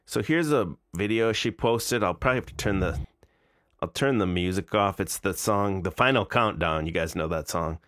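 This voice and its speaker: A man's voice: sits low, normal speed, a bit bright, dry recording, studio quality. A man in his forties streaming live, reacting to videos in casual, incredulous, mocking commentary. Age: 40s.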